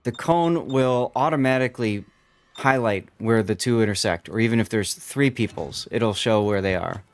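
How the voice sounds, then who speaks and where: A man's voice: fairly low pitch, moderate pace, no echo. Male streamer casting a match live, unpacking the tactics for viewers. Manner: explanatory, walks viewers through tactics. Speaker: streamer and tournament commentator. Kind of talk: live game commentary.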